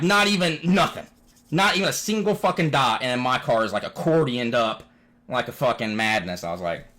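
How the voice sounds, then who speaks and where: Profane young man telling car stories. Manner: profane, animated storytelling with big pitch swings. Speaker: vlogger. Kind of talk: casual storytelling.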